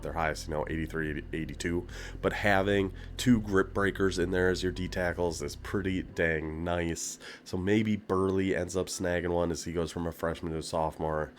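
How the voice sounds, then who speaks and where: A man hosting a gaming channel, chatting casually through a team breakdown in a relaxed, rambling way with asides. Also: deep voice, a little hiss or hum. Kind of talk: casual video game commentary.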